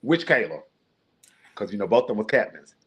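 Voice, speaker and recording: A man's voice: fairly low pitch, big pitch swings, a little fast, highs cut off, slight background noise. A man hosting a casual live-stream interview, asking numbered questions and answering with frequent mm-hmms. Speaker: host.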